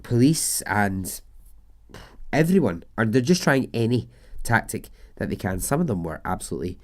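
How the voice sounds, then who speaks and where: A man's voice: fairly low pitch, animated, moderate pace. A man, a podcast host telling a true story in a chatty way with the odd swear word. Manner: chatty, swears, laughs at absurd details. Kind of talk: casual storytelling narration.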